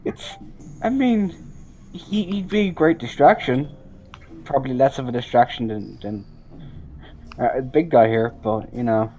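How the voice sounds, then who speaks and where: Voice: medium pitch, measured pace, long pauses, mellow, slight background noise. A player at a tabletop game who speaks in a playful, chuckling way. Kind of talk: playing a character at a tabletop game.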